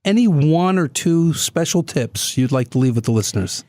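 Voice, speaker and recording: A man's voice: on the high side, animated, normal speed, darkish tone, dry recording, studio quality. A man hosting a business podcast, asking questions in a casual, somewhat hesitant way with frequent restarts.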